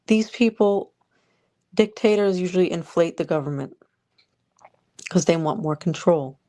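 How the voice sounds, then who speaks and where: A woman's voice: on the low side, unhurried, mellow. Exasperated woman ranting at the camera. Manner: sarcastic, exasperated, talks to the viewer. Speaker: political vlogger. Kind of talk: ranting political commentary.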